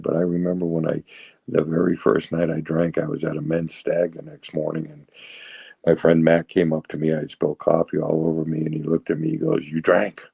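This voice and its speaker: A man in his sixties with a very low, gravelly voice tells his recovery story, halting and restarting, with a wry, self-mocking humor. His tone is dark and husky, recorded close and dry. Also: no echo, low-quality recording. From New England. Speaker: recovery speaker.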